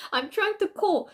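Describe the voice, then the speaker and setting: A bubbly woman from Korea hosts a casual live stream, laughing often as she talks. Her voice sits very high and swings widely in pitch, full of animated energy. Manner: bubbly, laughs often, quick shifts between languages. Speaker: host. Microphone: phone call over social media app.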